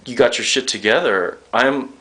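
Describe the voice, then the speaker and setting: A man's voice: mid-range voice, normal speed, crowd noise. A young man interviewing a guest, rambling, joking and swearing freely as he gets emotional.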